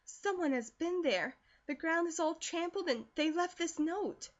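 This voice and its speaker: A woman's voice: extremely high pitch, animated, a little slow, muffled recording, voice pushed up. A woman voicing an anxious, earnest teenage country girl who pleads breathlessly. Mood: frightened.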